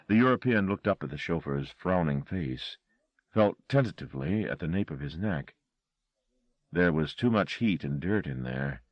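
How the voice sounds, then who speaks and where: A man narrating a horror audiobook with an expressive, dramatic reading. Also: low voice, dry recording.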